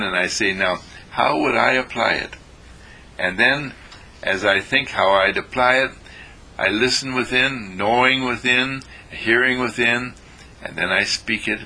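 A patient, gentle teacher, as a man puts him on, speaking steadily in a bright, gravelly voice. His husky tone has a sharp edge even when soft. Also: medium pitch, heavily acted, low-quality recording. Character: gentle, patient male teacher explaining how he learned.

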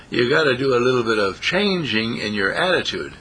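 A man's voice: medium pitch, big pitch swings, a little fast, pushed and bright, a little hiss or hum. A man preaching a folksy sermon, repeating phrases and lifting his voice on the key words. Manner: folksy, repetitive, rising emphasis on key phrases.

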